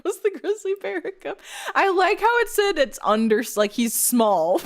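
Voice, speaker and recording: A woman's voice: very high voice, sing-song, takes it slowly. A woman VTuber streamer in playful live-stream roleplay chat, reading chat submissions aloud and laughing often.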